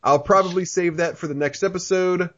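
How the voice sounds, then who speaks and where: A man's voice: high voice, steady tone, fairly quick, fairly bright tone, lo-fi sound. Laid-back rambling man hosting a podcast. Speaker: podcast host. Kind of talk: casual podcast chat.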